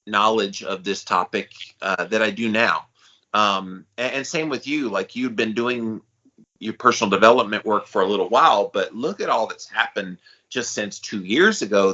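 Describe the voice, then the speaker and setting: Middle-aged man, podcast co-host, bright forceful voice, hype-man energy, muffled sound. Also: fairly low pitch. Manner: enthusiastic hype-man delivery. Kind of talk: casual podcast chat.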